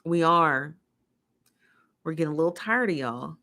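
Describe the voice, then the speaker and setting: A woman from the United States hosts a casual livestream, reading viewer comments aloud and ranting in an exasperated, opinionated way, repeating herself for emphasis. Her deep voice is pushed and bright, with lively intonation and an unhurried delivery.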